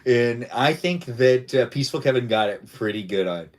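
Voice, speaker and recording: Chatting with viewers and guests, this livestream host speaks at a moderate pace in a medium pitch with lively intonation. He's casual and playful, rambling and echoing his own phrases.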